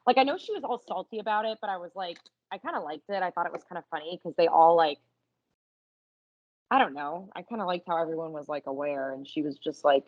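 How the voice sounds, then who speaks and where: A woman's voice: lowish voice, quick pace. A woman chatting casually in a book club, rambling and giggly, with lots of filler words. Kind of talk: casual chat. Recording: dull lo-fi recording.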